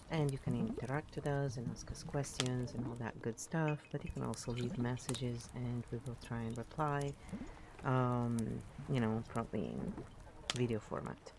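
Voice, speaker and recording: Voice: mid-range voice, moderate pace, noisy background. A live streamer sounding tired, chatting casually and rambling with many fillers.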